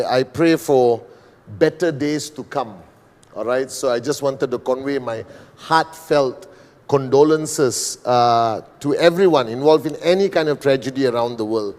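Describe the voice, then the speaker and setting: A middle-aged man from Malaysia giving a motivational business presentation, speaking slowly and deliberately with frequent "all right" and "okay". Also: mid-range voice. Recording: long hall reverb.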